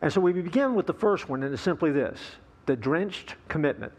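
A man's voice: on the high side, expressive, a little fast. Folksy pastor man preaching a sermon. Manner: folksy joke-telling with chuckles and fillers.

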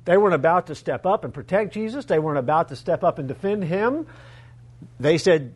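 A male pastor preaching a sermon, retelling a story in an animated way with humorous asides to the congregation. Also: sits high, moderate pace, husky.

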